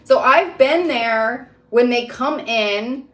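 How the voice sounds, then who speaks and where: A woman psychic rambles through a casual vlog, stacking fillers and breaking into laughs. Her voice sits a little high, and the room around her rings with echo. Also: takes it slowly, fairly bright tone. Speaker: psychic reader. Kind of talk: casual spiritual vlog talk. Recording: roomy echo.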